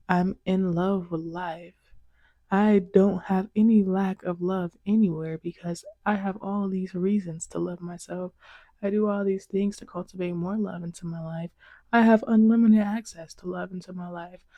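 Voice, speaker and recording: Chatty woman vlogging, mellow voice, dry close sound, lots of you know. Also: fairly low pitch, steady tone, measured pace, dry recording, lo-fi sound. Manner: chatty, rambling, heavy on fillers. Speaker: vlog host. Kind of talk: casual monologue to camera.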